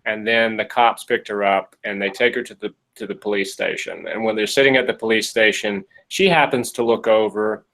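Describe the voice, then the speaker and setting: A man's voice: on the low side, normal speed, hardly any pauses, poor audio. A man hosting a podcast, retelling a case in a jokey, casual way and acting out the quotes. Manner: jokey, animated, acts out quotes. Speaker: podcast host. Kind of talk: casual storytelling.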